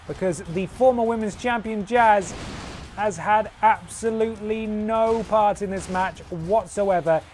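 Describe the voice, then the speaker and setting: Streamer, jokey fake ringside commentary, slightly high voice, game music faintly under. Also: male voice, a little mellow. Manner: playful, jokey, breaks into humming and sound effects. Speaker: streamer playing a wrestling game. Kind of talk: mock wrestling commentary.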